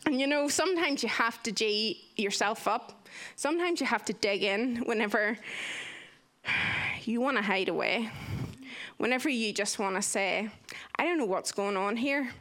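A young woman sharing a personal testimony in earnest, expressive storytelling. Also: on the high side, normal speed. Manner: earnest and expressive, acting out quoted voices. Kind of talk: candid storytelling talk.

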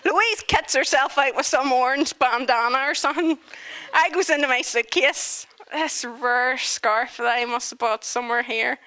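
Woman, lively storyteller, bright and fairly high voice. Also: moderate pace. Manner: animated, chatty, full of fillers. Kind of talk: humorous personal storytelling.

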